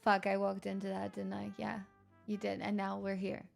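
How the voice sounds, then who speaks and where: Her delivery is completely flat, mid-range and full of vocal fry, at a normal speed, with faint music in the background. As a streamer chatting casually with her viewers, she reads chat, rambles candidly, curses, and laughs a lot.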